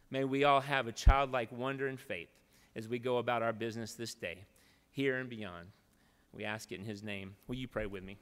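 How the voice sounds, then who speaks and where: A man's voice: mid-range voice, steady tone, normal speed, fairly bright tone, clean tone. A man preaching a devotional in a legislative chamber, telling a folksy, rambling story and then leading a solemn prayer. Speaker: preacher giving the opening devotional. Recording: long reverb of a large chamber.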